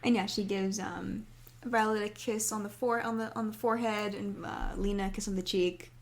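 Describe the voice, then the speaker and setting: A woman's voice: mid-range voice, steady tone, moderate pace. A woman co-hosting a podcast, chatting casually and laughing often while recapping a cartoon episode. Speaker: podcast co-host.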